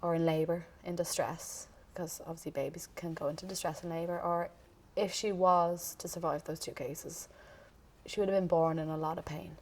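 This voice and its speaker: A young Irish woman giving a documentary interview, recounting events in a measured, steady way. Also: fairly low pitch.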